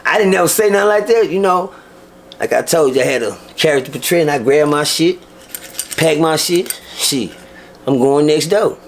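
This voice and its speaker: A man with a Texan accent, telling stories as a guest in an interview with animated, profane delivery. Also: a little high, normal speed, slight background noise. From Texas. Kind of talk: storytelling interview.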